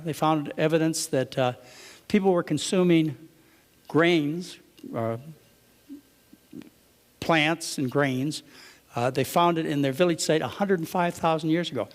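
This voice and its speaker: A man's voice: fairly high pitch, long reverb tail. A man giving a conversational lecture to a live audience, often asking them rhetorical questions.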